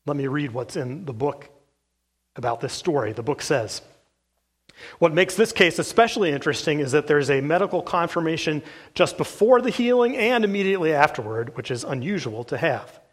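In his sermon, a pastor reads case accounts from a book, earnest and steady, with the occasional "uh." His voice is slightly high and slightly fast, with a breathy edge.

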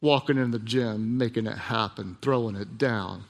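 A man preaching a sermon, telling a personal story in a hushed voice and then building to emphatic, repeated lines. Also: lowish voice, normal speed, gravelly. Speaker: pastor. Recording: long hall reverb.

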